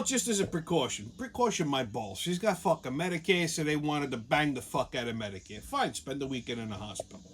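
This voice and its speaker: A man's voice: a little high, slight background noise. A man telling a long profane story in a casual rant, often acting out other people's lines. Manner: profane, animated, jumps into quoted voices. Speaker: show host.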